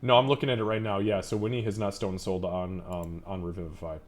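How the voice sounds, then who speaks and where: A man running a live tabletop game as game master, narrating and swearing freely in an animated way. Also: deep voice, fast.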